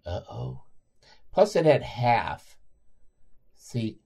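A man hosting a podcast, giving playful, excitable commentary while watching a film. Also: mid-range voice, extremely slow, creaky, slightly rough. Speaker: podcast host. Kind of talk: casual movie commentary.

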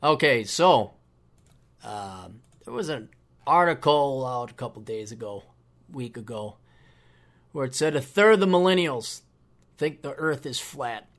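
A man hosting his own podcast, giving shout-outs and opinionated commentary in a rambling, casual way. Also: mid-range voice, lively intonation, a little slow, long pauses. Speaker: podcast host.

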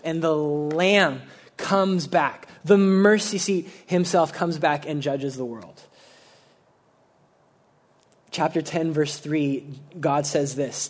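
Young guy pastor, laid back sermon, lots of "like", kinda high voice. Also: slow pace. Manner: casual and conversational, full of "like", acts out quotes.

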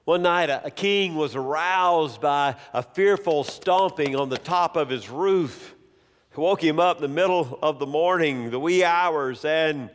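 Slow, emphatic preacher in an echoing hall. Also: male voice, fairly high pitch, animated. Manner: slow, emphatic, repeats key phrases. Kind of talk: sermon. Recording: long hall reverb.

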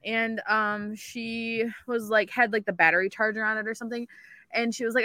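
A woman's voice: mid-range voice, a little fast, no echo, clean studio sound. Chatty woman telling a rambling story. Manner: animated storytelling, lots of "like", swears. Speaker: podcast co-host. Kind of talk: casual chat.

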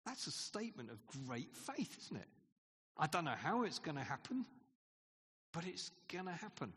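A man's voice: a little high, very animated, moderate pace, a bit bright, slightly rough. A man preaching a sermon in a conversational way, asking the congregation questions and laughing often. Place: church hall. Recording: long hall reverb.

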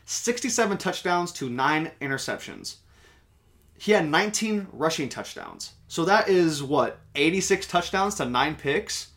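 A man's voice: a little high, a bit bright. A young man co-hosting a casual sports podcast, emphatic and opinionated, swearing now and then. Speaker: podcast co-host.

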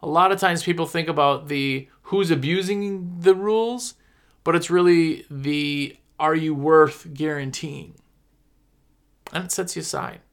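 A man, chatting casually to viewers as a sales rep and pushing his own pitch. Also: unhurried, a bit bright. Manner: chatty, pushy, repeats himself for emphasis. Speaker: window cleaning product sales rep.

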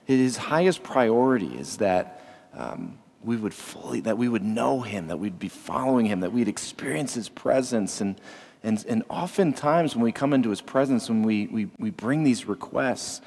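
A man leading a church service, speaking in a measured, affirming way. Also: mid-range voice, animated, vocal fry, a little mellow. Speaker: pastor. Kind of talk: sermon. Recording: long hall reverb.

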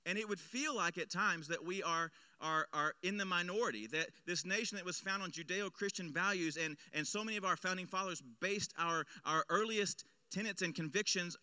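A man preaching a sermon as pastor, swinging between loud emphatic lines and hushed low ones. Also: clean tone, no room sound. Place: church.

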